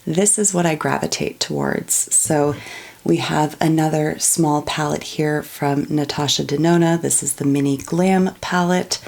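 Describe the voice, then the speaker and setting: A woman's voice: deep voice, vocal fry, darkish tone. A young adult woman from Canada talking casually and in detail about makeup palettes she is keeping. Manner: chatty, easygoing, detailed product commentary. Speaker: beauty vlogger. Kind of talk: casual makeup declutter talk.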